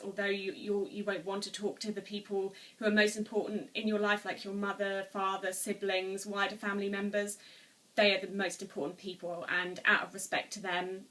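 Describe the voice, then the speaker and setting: Woman, twenties, earnest personal vlog, rambling with restarts, bright tone, slightly distant mic. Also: medium pitch. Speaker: vlogger. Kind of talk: personal storytelling to camera. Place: room at home, seated.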